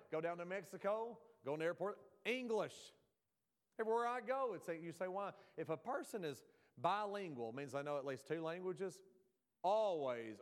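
A man with a Southern American accent, preaching a folksy sermon full of jokes and asides to the congregation. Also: sits high.

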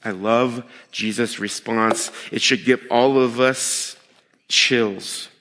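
A male pastor delivers a sermon in an animated, conversational manner, building to excited emphasis and then dropping to hushed asides. His voice sits at an ordinary middle pitch. The sound carries a long reverb, as in a large church hall. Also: slow. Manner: animated, conversational preaching that swings between excitement and hushed tones.

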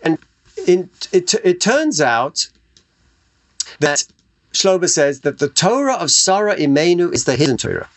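Male Torah teacher on a video call, animated, rhetorical, slightly higher voice. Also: unhurried, pauses often. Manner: animated, rhetorical questions, mixes Hebrew and Yiddish terms. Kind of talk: online Torah lecture.

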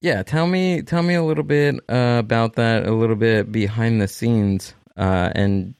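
A man's voice: mid-range voice, moderate pace, darkish tone, clean tone, no echo, studio quality. A man with a Southern Californian accent hosting a podcast, rambling enthusiastically with many restarts. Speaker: podcast host. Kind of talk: casual chat.

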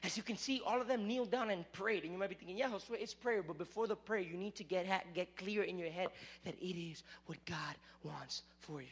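A man preaching a sermon to a youth group. He talks in a casual way, jokes with the crowd, and swings between loud, fervent stretches and hushed ones. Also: high-pitched, a little fast, few pauses, soft background music. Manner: lively, animated delivery that swings from loud to hushed; casual, joking asides to the crowd.

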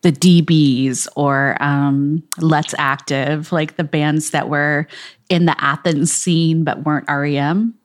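A woman's voice: low-pitched, steady tone, slow. A middle-aged woman, a music writer guesting on a podcast, talking through songs in a thoughtful, analytical way full of "like" fillers. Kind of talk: casual podcast chat.

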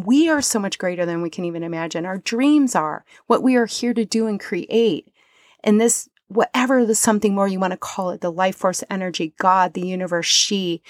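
Speaking in a fairly low pitch with no room sound, a woman hosting a podcast shares a personal experience. The monologue is reflective, soft and earnest, and she grows emotional enough to be near tears at times.

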